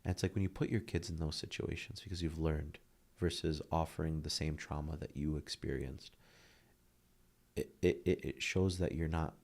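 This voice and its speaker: A man in his thirties talks about hard times in an earnest, heartfelt way. His voice is very deep with a gravelly fry, and it often softens nearly to a whisper. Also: steady tone, normal speed. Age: 30s. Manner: earnest, heartfelt, drops to a near whisper at tender moments. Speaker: podcast guest. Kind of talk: emotional interview talk.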